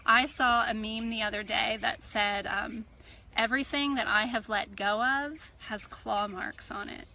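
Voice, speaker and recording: Bright-voiced woman coaching outdoors. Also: on the high side, vocal fry, poor audio. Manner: calm, reflective, unhurried teaching. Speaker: personal growth coach. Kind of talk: self-help talk to camera. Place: outdoors on a farm. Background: birds and crickets.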